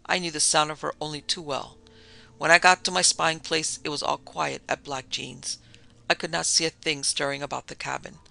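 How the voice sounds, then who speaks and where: Bright, gravelly male storyteller. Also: a little high, flat delivery, normal speed. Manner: first-person storyteller voicing dialogue lightly. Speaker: podcast narrator. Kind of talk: scripted narration of a vintage tale.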